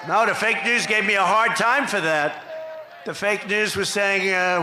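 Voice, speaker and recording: An older man giving a boastful, repetitive campaign rally speech, shouting out his punchlines. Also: high voice, measured pace, roomy sound, crowd noise, background noise. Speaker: political candidate at a rally. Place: outdoor rally stage.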